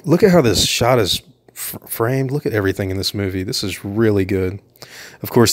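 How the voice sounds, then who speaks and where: A man giving casual, enthusiastic commentary over a film and laughing often. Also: on the low side.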